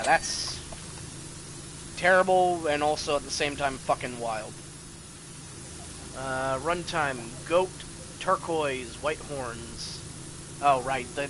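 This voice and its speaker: A man's voice: medium pitch, slow, pauses often, a bit bright, a little hiss or hum, rough recording. A young man streaming a game live, chatting casually, reading chat aloud and swearing freely.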